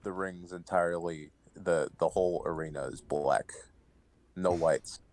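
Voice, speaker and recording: A man's voice: deep voice, steady tone, a little slow, darkish tone. A man in a casual comedic chat who narrates made-up scenes like a play-by-play.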